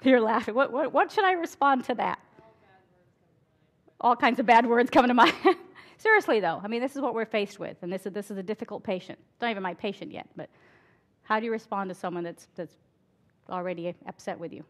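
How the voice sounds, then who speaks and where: A woman's voice: a little high, expressive, brisk. A middle-aged woman, an emergency physician, giving a candid conference talk full of stories and laughing at her own stories. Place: conference hall before an audience.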